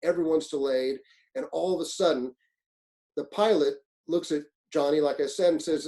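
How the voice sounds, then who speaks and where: A middle-aged man leads a leadership webinar for firefighters, spinning stories in a blunt, salty style and slipping into little voices for the people in them. His voice sits a bit high for a man but sounds mellow and warm rather than bright. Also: brisk, poor audio. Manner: animated storyteller, acts out quotes, blunt and profane. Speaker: fire service leadership instructor. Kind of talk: webinar presentation, storytelling. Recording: webinar, own presentation.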